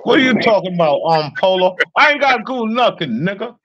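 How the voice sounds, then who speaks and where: A man's voice: sits high, expressive, quick pace, pushed and bright. A man in a heated casual sports argument who keeps interrupting and repeats himself. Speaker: show regular arguing about basketball. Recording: dull lo-fi stream audio.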